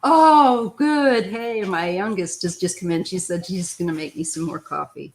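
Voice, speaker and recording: A woman's voice: on the low side, fairly even intonation, a little fast, creaky. A middle-aged woman hosting a casual live-stream tarot chat from home, greeting viewers by name in an easygoing way. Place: home, near the front door.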